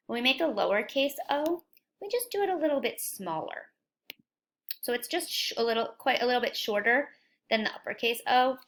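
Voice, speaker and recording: A woman teaching a phonics lesson to young children, cheerful and encouraging, asking questions and sounding out letters slowly and clearly. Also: a little high, bright, forceful tone.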